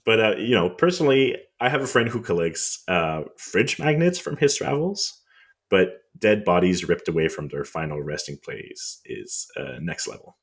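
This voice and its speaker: A man's voice: low-pitched, very animated, normal speed, slightly rough. A man with a French accent, a podcast co-host explaining history in casual chat, with frequent ums and restarts on tricky words.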